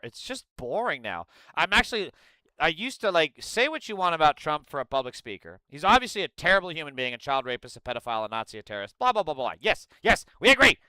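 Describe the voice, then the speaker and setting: A man hosting a live political reaction stream, reading chat and reacting in a profane, sarcastic, animated way. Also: a little high, clean tone, dry recording, low-quality recording.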